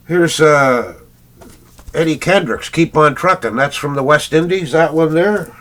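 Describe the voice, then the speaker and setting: A man's voice: a little high, animated, measured pace, fairly bright tone. A middle-aged Canadian man, a record collector, chatting in a rambling casual vlog full of fillers and little chuckles.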